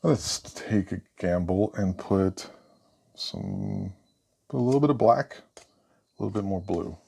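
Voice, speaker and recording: A man giving a casual painting lesson, relaxed and thinking aloud as he works. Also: sits low, slow, creaky, breathy edge. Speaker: painting instructor.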